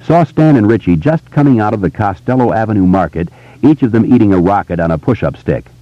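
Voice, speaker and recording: A man narrating an audiobook in a measured, tense storytelling manner. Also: on the low side, lively intonation, no echo, lo-fi sound. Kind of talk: scripted narration.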